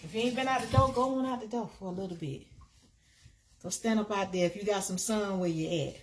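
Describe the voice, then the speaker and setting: A woman's voice: medium pitch, fairly quick, noisy background. A woman, hosting a casual live stream and chatting to viewers in a repetitive, easygoing way. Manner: chatty, repeats herself, talks to viewers by name.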